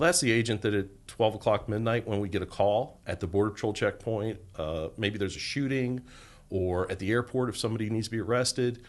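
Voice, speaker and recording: A middle-aged man on a podcast, telling a long story and acting out the lines of the people in it. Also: fairly low pitch. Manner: animated storyteller acting out quoted dialogue. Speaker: podcast guest, former federal agent.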